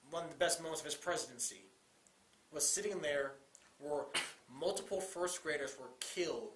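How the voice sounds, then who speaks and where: Young guy co-host, fired up and pleading, echoey room with faint hiss. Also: fairly high pitch. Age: young adult. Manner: urgent, repetitive, rising to pleading. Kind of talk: impassioned commentary.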